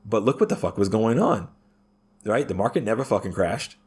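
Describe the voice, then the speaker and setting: A man's voice: fairly low pitch, sing-song, fairly quick, a little mellow, breathy edge. A man talking as a podcast guest in a profane, ranting way, punctuating his points with "right?". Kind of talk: casual podcast conversation.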